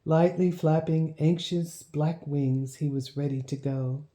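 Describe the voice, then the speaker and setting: A woman reads a storybook aloud in a measured, gently expressive way. Her voice is low and very mellow, and a roomy echo hangs on every phrase. The delivery is steady and even-handed. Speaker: audiobook narrator. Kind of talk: storybook reading.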